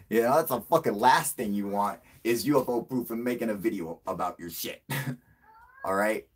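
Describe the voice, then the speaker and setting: A male channel host in casual livestream chat, a profane, excitable storyteller who laughs a lot. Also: fairly low pitch, a little slow, long pauses, slightly rough.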